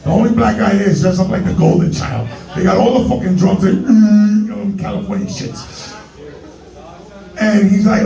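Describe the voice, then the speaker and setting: A man in his forties with a New York Bronx accent, telling a profane, excitable stand-up story that keeps jumping into high yelps. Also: moderate pace, vocal fry, reverberant, far from the mic, music in the background, low-quality recording. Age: 40s. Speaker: stand-up comedian.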